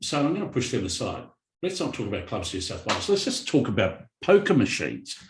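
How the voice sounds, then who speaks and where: A middle-aged Australian man speaking bluntly as a guest on a live panel, telling animated stories. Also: medium pitch, brisk, noisy background. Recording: echoey event room.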